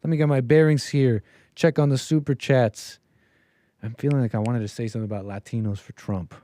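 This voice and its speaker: A man's voice: medium pitch, fairly even intonation, brisk, warm tone. A man from the United States hosting a casual call-in livestream, rambling and restarting his sentences as he tells stories. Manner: rambling, with frequent restarts and asides. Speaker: livestream show host. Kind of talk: casual call-in show monologue.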